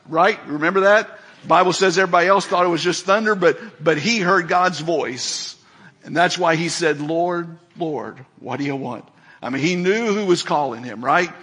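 A middle-aged male pastor delivers a storytelling sermon, his voice sitting a touch high and ringing bright. He presses his points with emphatic repetition and keeps checking in with rhetorical questions to his listeners.

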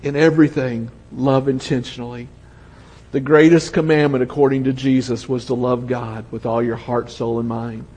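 An older Southern pastor delivers a storytelling sermon in a husky, slightly breathy voice. His words ring out with a long hall reverb, as from a church sanctuary. He drops to a quiet hush when the story turns tender. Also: mid-range voice, flat delivery, moderate pace. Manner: storytelling, drops to a soft hush for emotional moments.

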